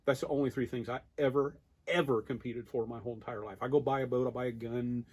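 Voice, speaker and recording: Animated American man in his 50s telling a story. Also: medium pitch, fast, a little hiss or hum. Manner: animated storyteller, acts out quoted exchanges with laughs. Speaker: duck calling champion guest. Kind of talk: casual storytelling interview.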